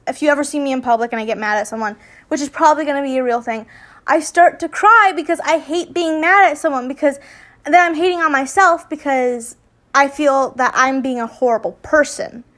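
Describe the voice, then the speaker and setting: High-voiced woman reading fanfiction aloud. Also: fairly bright tone. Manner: rambling, stumbles and restarts often while reading. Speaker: fanfiction reader and channel host.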